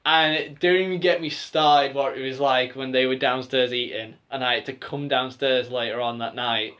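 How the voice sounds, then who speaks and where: A man's voice: mid-range voice, normal speed. A young man co-hosting a podcast, telling an embarrassing story in casual chat and acting out the voices of the people in it. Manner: animated, acts out quoted voices. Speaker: podcast co-host.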